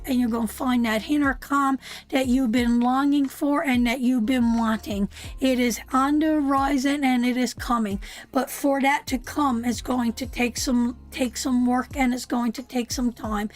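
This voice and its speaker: A woman giving a live tarot reading. She is soothing and emphatic, keeps calling the listener sweetheart, and swears now and then. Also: high-pitched. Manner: soothing, repeats "sweetheart" often, emphatic and earnest. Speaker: tarot reader.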